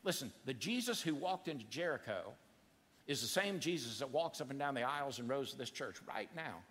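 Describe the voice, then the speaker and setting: Male pastor: dramatic, animated sermon delivery, bright voice, echoing church hall. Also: fairly quick. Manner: animated, acts out quotes with big pitch swings. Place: church sanctuary.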